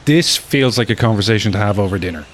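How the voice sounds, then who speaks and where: A man's voice: lowish voice, expressive, fast talker, slight background noise. A man playing a tabletop game, with dry jokes in casual chat. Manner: dry, joking. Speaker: player.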